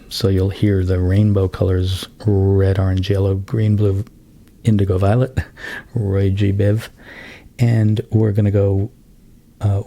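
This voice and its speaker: A man casually explaining synthesizer settings step by step, in a relaxed hands-on demonstration. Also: lowish voice, gravelly. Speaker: synth tutorial host. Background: synthesizer sounds playing.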